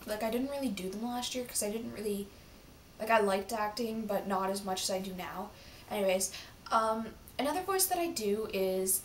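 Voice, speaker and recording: A woman's voice: mid-range voice, moderate pace, slight background noise. Chatty teen girl, rambling vlog talk. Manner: rambling, filler-heavy and chatty. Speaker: vlogger. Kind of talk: casual vlog chat. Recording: roomy, from a distance.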